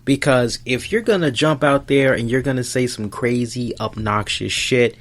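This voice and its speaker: A man's voice: mid-range voice, normal speed. A man hosting a podcast, ranting in a casual, rambling way with lots of swearing. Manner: profane, rambling, animated. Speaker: podcast host.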